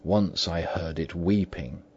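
A man doing a hushed, frightened old butler. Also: takes it slowly, a little hiss or hum. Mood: fearful. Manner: hushed, low murmur. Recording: dull lo-fi recording.

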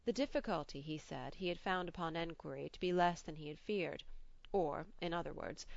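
A woman narrating a classic story as an audiobook, in a steady, formal way. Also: on the low side, no echo, lo-fi sound.

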